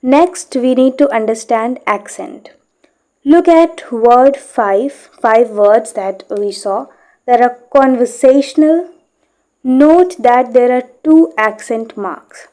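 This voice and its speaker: A woman's voice: on the high side, dark tone. A woman teaching English pronunciation, reading a passage from a book aloud and explaining it step by step, with frequent "okay?" checks.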